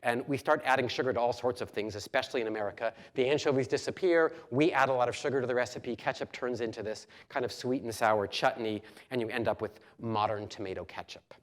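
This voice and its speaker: A middle-aged man giving a public lecture as a professor, telling history as a lively story with many ums and restarts. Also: mid-range voice, fast talker, hardly any pauses.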